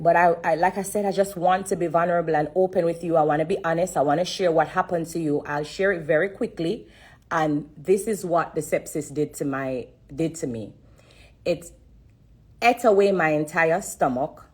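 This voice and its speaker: A woman's voice: low voice, moderate pace, husky. A woman with a Jamaican accent giving an emotional testimony on a phone live stream, earnest and repeating herself for emphasis while fighting back tears.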